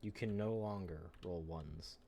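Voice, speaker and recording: A man with a low, warm voice chats unhurriedly while playing a card game on a stream, joking, cursing, and sometimes humming and beeping to himself. It's casual game-night banter, with faint background music and a little hiss or hum.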